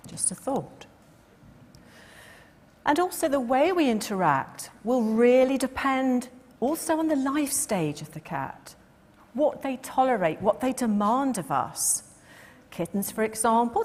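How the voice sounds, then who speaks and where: A middle-aged woman giving a lecture in a lively, expressive way, now and then acting out the voices of a cat and its owner. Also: on the high side, a little slow. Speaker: cat behaviour speaker. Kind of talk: lecture talk. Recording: long reverb of a lecture hall.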